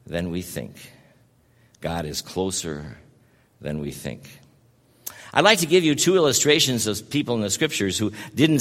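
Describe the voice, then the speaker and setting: Man, pastor, folksy storytelling sermon, mid-pitched voice, long church reverb. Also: fairly bright tone. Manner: folksy storytelling, addresses congregation by name.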